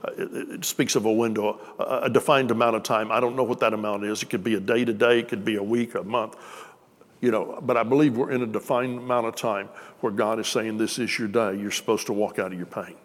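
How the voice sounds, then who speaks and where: A man preaching to his congregation in a loose, conversational way, slipping jokes between his points. His voice sits at an ordinary middle pitch. It rings with the long reverb of a church hall. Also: fairly even intonation, a little fast. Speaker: pastor. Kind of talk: sermon.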